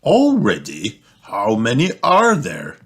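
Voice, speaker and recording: A man's voice: huge pitch swings, slow, a bit bright, a little hiss or hum, exaggerated voice. A man voicing a jolly but fussy father pig who grumbles and doubts, in a children's storybook. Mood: fatherly. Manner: low, grumbling.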